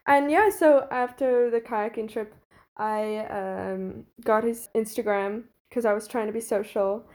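A young woman in her twenties talks through a personal story as a podcast guest, her voice sitting a little on the high side. She rambles happily, leans on "like" and breaks into laughter often. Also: steady tone, measured pace, darkish tone. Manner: chatty, frequent "like" fillers and laughter. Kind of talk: casual storytelling.

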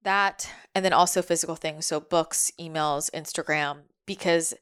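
Young woman, smooth clear low-ish voice, chatty spiritual talk, lots of "like". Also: steady tone, normal speed, a bit bright. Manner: chatty, relays what her spirit guides say, filler-heavy. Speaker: spiritual medium.

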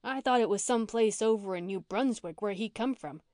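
A woman's voice: medium pitch, normal speed, a little mellow, no echo, clean studio sound, natural voice. A woman reading an audiobook and voicing a blunt, touchy orphan girl who talks in country slang.

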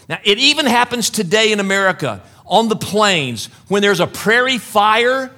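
A man's voice: sits high, animated, normal speed, few pauses, pushed and bright. A middle-aged man preaching a sermon to a congregation, earnest and direct, often calling his listeners "folks". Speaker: pastor.

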